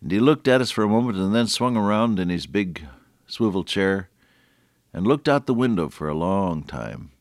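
A man preaching a sermon in an earnest way, slowing down and stressing key words. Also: lowish voice, expressive, no room sound, studio quality.

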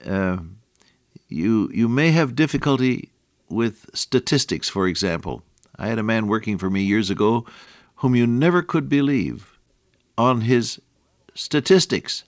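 A man's voice: medium pitch, unhurried, dry recording, clean studio sound. An older man teaching the Bible on the radio in a folksy, affectionate way that often breaks into a chuckle.

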